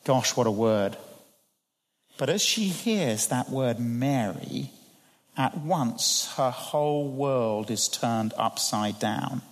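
A man preaching a sermon, his voice rising to emphatic peaks and dropping to hushed tones. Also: medium pitch, lively intonation, slow pace. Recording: long hall reverb.

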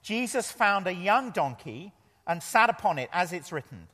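Male preacher, earnest and emphatic, higher-pitched voice, in a reverberant church hall. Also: very animated, moderate pace, pushed and bright. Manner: earnest, emphatic, repeats key phrases. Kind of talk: sermon. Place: church pulpit.

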